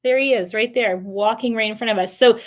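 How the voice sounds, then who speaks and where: A middle-aged woman from Canada hosting a casual family live stream, telling animated stories with quick asides. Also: a little high. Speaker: family travel channel host.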